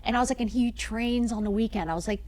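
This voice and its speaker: A woman's voice: fairly high pitch, quick pace, darkish tone. A woman who is a podcast guest, telling a story in casual chat, acting out quoted dialogue and swearing freely.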